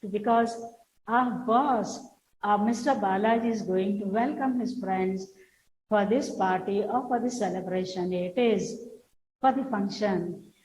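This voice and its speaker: A woman's voice: medium pitch, a little mellow. Woman teacher in an echoey room. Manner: retells a story slowly, explaining word meanings. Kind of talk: classroom story lesson explaining English. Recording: echoey room with faint hiss.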